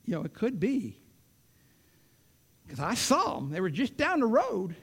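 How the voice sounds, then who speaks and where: Lively high-pitched male preacher. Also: a little slow, gravelly, slightly rough. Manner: dramatic swings from loud preaching to hushed whispers. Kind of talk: sermon.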